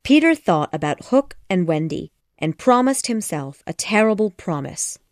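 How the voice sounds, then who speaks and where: A woman narrating a children's classic audiobook in a measured, expressive storytelling manner. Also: on the low side, no echo, studio quality.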